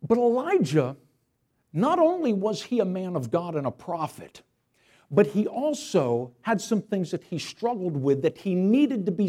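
A male pastor preaching a sermon to his church, telling a story in an animated, storytelling way. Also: sits high.

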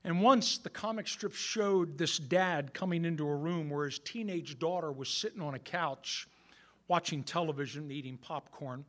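A man's voice: fairly high pitch, normal speed, a bit bright. A man in his sixties preaching a sermon in a conversational way, talking straight to the men in the room with some self-mocking humor. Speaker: pastor.

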